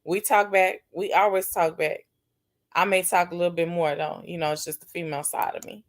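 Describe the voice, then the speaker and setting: A woman hosting a casual livestream, chatting warmly and answering viewers' comments one by one. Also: lowish voice, little pitch movement, brisk. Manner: affectionate, calls viewers baby and sis. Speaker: livestream host.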